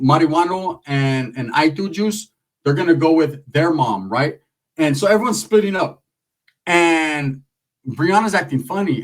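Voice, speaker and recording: A man's voice: on the high side, far from the mic, rough recording. Crude, rambling man telling a story. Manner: loose, crude, rambling with slang. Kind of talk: comedic storytelling.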